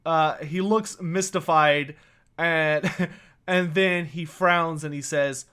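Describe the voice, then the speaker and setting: A man running a tabletop role-playing game, narrating the scene in a loose, chatty way with plenty of fillers. His voice sits high and bright. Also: steady tone, takes it slowly, clear, resonant tone. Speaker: game master.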